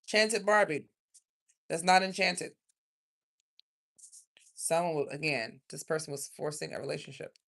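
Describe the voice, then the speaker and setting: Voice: medium pitch, moderate pace, creaky, pauses often, a bit bright. A tarot reader from South Carolina, giving a rambling, emotional, chatty card reading in a casual livestream.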